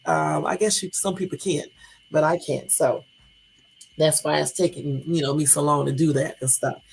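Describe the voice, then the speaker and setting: Gravelly, husky middle-aged woman chatting. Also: sits low, steady tone, normal speed, darkish tone, low-quality recording. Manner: rambling, joking, laughs often. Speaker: livestream host. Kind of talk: casual chat to viewers.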